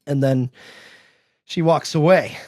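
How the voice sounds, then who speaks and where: A man with a slightly high voice recaps an animated film in a loose, chatty podcast style. He bursts into excited character voices as he retells scenes. The recording is close and dry, with no room sound. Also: takes it slowly, no room sound. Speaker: podcast host.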